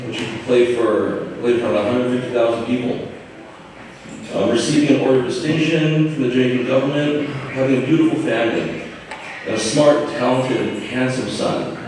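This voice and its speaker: A young man giving an informal, halting eulogy for his father from notes, with light humor. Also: medium pitch, background noise. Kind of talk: memorial speech from notes. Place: large hall at a memorial gathering. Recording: echoey hall, distant mic.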